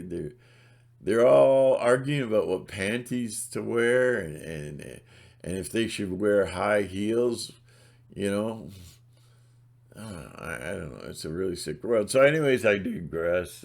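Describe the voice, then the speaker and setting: A middle-aged man delivers a blunt, sarcastic rant as a channel host, and his voice is low and gravelly. He talks slowly and deliberately, rambling, stopping to restart, and now and then slipping into mocking voices. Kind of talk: ranting monologue.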